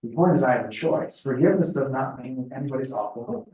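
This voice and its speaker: A middle-aged man speaking at a spiritual retreat in a conversational, thoughtful way, often pausing with fillers. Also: medium pitch, expressive, dark tone, slight background noise. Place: retreat house meeting room. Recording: echoey room, voice picked up from a distance.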